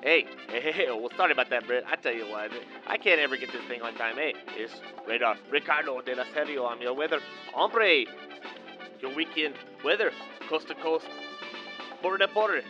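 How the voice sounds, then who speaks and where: A man playing a loud, laughing male weatherman, dropping slang. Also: medium pitch, moderate pace, muffled recording, music in the background, lightly acted. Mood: boisterous. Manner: boisterous, laughing, drops Spanish slang.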